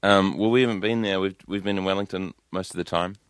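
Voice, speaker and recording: A man with a New Zealand accent talking as a guest comedian, understated, deadpan and dryly literal. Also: low voice, fast, no room sound, clean studio sound. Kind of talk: casual interview. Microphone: studio microphone.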